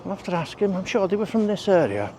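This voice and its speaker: Heavy background noise surrounds a man whose voice sits high, swings widely in pitch, and moves fast. He's a walking vlogger chatting casually on roads and country paths, breathing hard between rambling asides.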